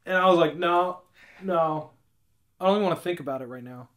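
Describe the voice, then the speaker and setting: A man's voice: on the high side, brisk. A young man co-hosting a podcast, talking loosely and laughing, peppering his speech with "dude" and "like". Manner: rambling, laughing, says "dude" and "like" a lot. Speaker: podcast co-host. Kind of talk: casual chat.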